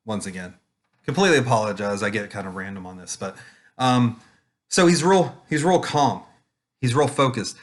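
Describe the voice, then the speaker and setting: A man who does children's ministry puppetry, giving a casual, calm, rambling talk over a webcam with many fillers. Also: medium pitch, normal speed. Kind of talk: casual online conference talk.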